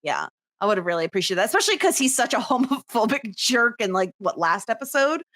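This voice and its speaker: Woman co-host, casual recap chat, laughs often, higher voice with lively ups and downs. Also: quick pace. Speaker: podcast co-host.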